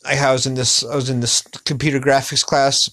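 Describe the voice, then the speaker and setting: A man's voice: medium pitch, little pitch movement, a little fast, sharp tone. A young man hosting a podcast, chatting casually in a rambling way with lots of swearing and filler phrases. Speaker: podcast host. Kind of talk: casual chat.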